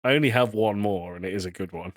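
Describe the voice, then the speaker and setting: A British man co-hosting a podcast in casual chat, telling jokes in a deadpan way. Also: fairly low pitch, fast talker, no room sound, studio quality. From Britain. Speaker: podcast co-host.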